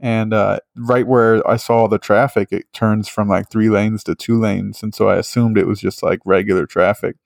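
A man's voice: fairly low pitch, fairly even intonation, normal speed, gravelly, hardly any pauses, no room sound, studio quality. A man hosting a podcast, chatting casually in a rambling way with many fillers and frequent swearing. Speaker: podcast host. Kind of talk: casual chat.

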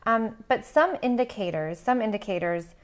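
A woman's voice: on the high side, expressive, normal speed. A woman counselor co-hosting a relationship podcast, talking in an earnest, reflective way with lots of casual fillers. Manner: earnest and reflective, with many "like" and "you know" fillers. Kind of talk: casual chat.

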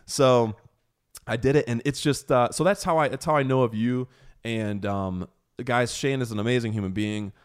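A man's voice: medium pitch, normal speed, clean tone. An American man in his thirties hosts a podcast, telling a story in an enthusiastic, rambling way with lots of fillers and restarts. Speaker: podcast host. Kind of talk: casual storytelling chat.

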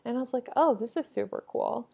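A young woman from Nebraska hosting a podcast, telling stories from her trip in a chatty, animated way with lots of "like". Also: a little high, fairly quick, vocal fry, husky. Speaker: podcast host. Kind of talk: casual storytelling monologue.

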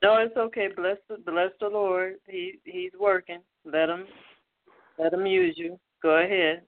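A woman's voice: fairly low pitch, steady tone, a little slow. A woman hosting a Christian radio interview, affirming her guest with frequent amens and praise. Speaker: radio host. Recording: thin, phone-like line.

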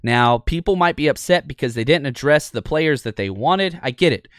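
Opinionated male sports host, slightly high voice, talks through game film with a laugh, dry booth sound. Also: normal speed, no room sound. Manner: animated and opinionated, laughs often. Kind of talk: casual football film breakdown.

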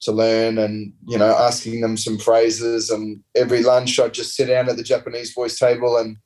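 An Australian man, a former rugby player, telling relaxed, rambling anecdotes in a casual interview. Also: medium pitch, normal speed, low-quality recording. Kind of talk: casual storytelling.

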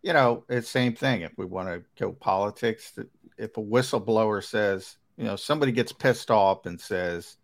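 Gravelly, rambling sports talk man. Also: lowish voice, moderate pace. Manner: rambling, emphatic, many fillers.

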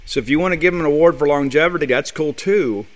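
Male sports radio host, opinionated ranter with a slightly raised pitch. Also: fast talker. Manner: blunt, fired-up, rhetorical questions. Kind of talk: opinionated sports talk monologue.

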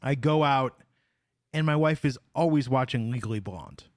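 A man's voice: medium pitch, moderate pace, no room sound. A man hosting a casual podcast, telling stories with a wry, dry manner. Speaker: podcast host.

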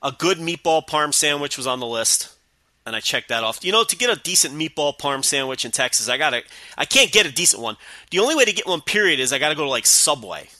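Bright dry-voiced man chatting casually. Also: a little high, quick pace, no echo. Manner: relaxed, many restarts and you-knows. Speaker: podcast co-host. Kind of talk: casual chat.

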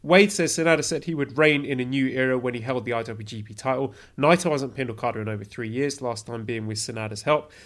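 Male podcast host, mid-pitched, plain and even question reader. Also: quick pace, few pauses. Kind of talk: casual interview questions.

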